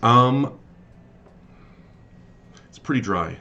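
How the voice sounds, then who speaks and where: A man narrating as game master of a tabletop role-playing game, pausing often with fillers and restarts. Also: mid-range voice, animated, creaky, sharp tone, muffled recording. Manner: halting, many fillers and restarts.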